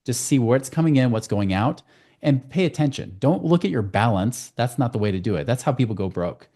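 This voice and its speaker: Fast-talking male money coach. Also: medium pitch, animated, mellow. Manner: fast, storytelling with client anecdotes. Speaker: guest, financial coach. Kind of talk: podcast interview.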